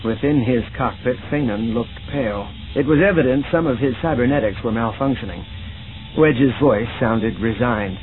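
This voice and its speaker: A man narrating a space adventure audiobook in a steady, measured way. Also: mid-range voice, soft background music. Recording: tinny phone-like sound.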